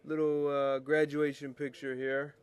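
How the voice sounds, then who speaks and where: Slow-talking chatty man teaching. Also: on the high side, little pitch movement, smooth. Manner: chatty, rambling, self-correcting, jokey. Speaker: photo retouching show host. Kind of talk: casual screen-share tutorial.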